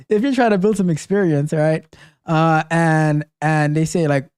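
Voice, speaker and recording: A man hosting a casual call-in tech advice show, talking in an animated, emphatic way and often repeating himself. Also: fairly high pitch, unhurried, clean tone, dry recording, studio quality. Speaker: host.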